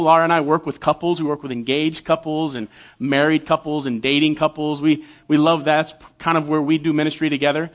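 A man in his forties preaching as a guest church elder, talking casually and poking fun at himself, with frequent quick restarts. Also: on the high side, a bit bright, highs cut off. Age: 40s. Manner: conversational and self-deprecating, with quick restarts. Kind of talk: sermon with humorous stories.

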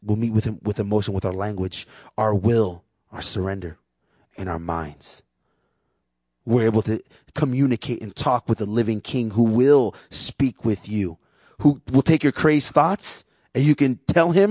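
Low-voiced man preaching, dull dry recording. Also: a little slow, breathy edge, no room sound. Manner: conversational, candid, acts out quotes in lively voices. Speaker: preacher and worship leader. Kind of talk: sermon.

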